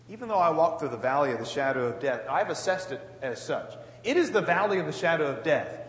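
A man's voice: on the high side, very animated, fast talker, few pauses. A man preaching a sermon in an earnest, conversational way, with many casual asides. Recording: echoey hall with long reverb.

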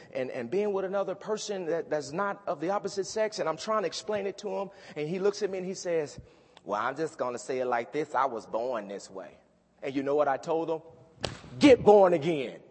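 Raspy-voiced preacher man in a reverberant hall. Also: high-pitched, darkish tone. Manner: preaching with rising fervor, drawn-out scripture reading. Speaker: pastor. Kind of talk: sermon.

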